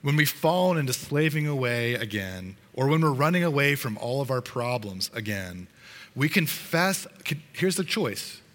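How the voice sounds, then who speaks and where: A man's voice: mid-range voice, very animated, normal speed, fairly bright tone, big-room sound. A man preaching a sermon to his congregation in an earnest, conversational way, sometimes restarting his sentences. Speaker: pastor.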